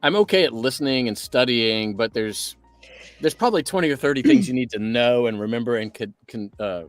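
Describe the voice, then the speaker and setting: A man's voice: mid-range voice, animated, brisk, no echo, soft background music. Chatty man, dry close sound. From United States. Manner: chatty, reads fan comments aloud and riffs on them. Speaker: voice actor at a live signing stream. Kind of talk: casual chat.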